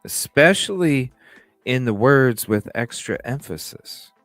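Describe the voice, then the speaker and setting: A man's voice: mid-range voice, lively intonation, slow, a bit bright, no echo, faint music behind. A man hosting a casual livestream, rambling with fillers and restarts and greeting chat viewers. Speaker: livestream host.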